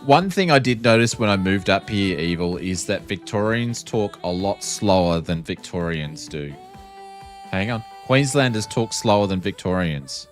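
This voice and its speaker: Chatty Australian streamer. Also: male voice, deep voice, expressive, normal speed, soft background music. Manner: chatty, joking, lots of ums. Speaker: flight sim streamer. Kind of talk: casual live-stream chat.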